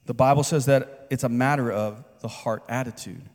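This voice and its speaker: A male pastor delivering a sermon in a mid-pitched voice, talking to the congregation as if in conversation and asking them questions. His voice rings out with the long reverb of a big church hall. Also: moderate pace, darkish tone. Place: church sanctuary.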